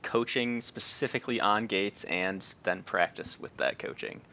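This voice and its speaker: A man's voice: fairly low pitch, normal speed, vocal fry, sharp tone. A man on a team, giving blunt, short replies to the coach over voice chat. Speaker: team player. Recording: muffled lo-fi voice chat mic.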